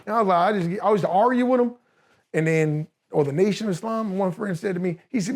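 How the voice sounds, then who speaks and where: Give me an older man with a Northern California accent, telling lively stories in a casual interview and laughing as he goes. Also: quick pace. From United States. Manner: animated, laughing storyteller, voices his younger self in high pitch. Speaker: guest.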